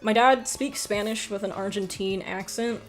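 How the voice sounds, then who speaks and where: A young American woman livestreaming in a casual chat, rambling and animated, swearing often and reading out viewer comments. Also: mid-range voice, moderate pace, faint music behind. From United States.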